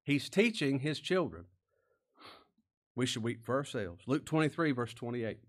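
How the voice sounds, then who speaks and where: A man preaching a sermon as pastor, folksy and plain-spoken, asking rhetorical questions and sometimes dropping to a hush. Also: mid-range voice, big pitch swings, normal speed.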